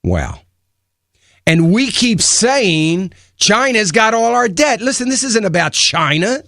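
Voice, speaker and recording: Male radio host, slightly high voice, dry close studio mic, emphatic and opinionated delivery. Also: big pitch swings, slow, creaky, fairly bright tone, no room sound. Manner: opinionated, emphatic, rhetorical questions. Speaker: radio talk show host. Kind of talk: radio talk commentary. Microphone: studio microphone.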